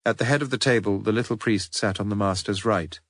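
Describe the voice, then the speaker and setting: A man reading a detective novel aloud as an audiobook narrator, in a measured, dry storytelling manner. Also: on the low side, no room sound. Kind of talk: scripted narration.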